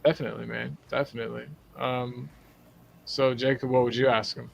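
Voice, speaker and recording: A man's voice: mid-range voice, level tone, brisk, vocal fry, muffled recording, slight background noise. A man hosting a casual livestream chat, joking and rambling as he asks guests questions.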